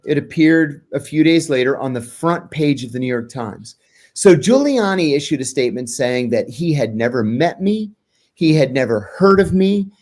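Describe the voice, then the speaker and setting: Guest: middle-aged American man, somewhat high-pitched, a storyteller who acts out the dialogue he quotes. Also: a little mellow. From United States. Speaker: guest, former intelligence officer. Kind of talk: casual storytelling in an interview.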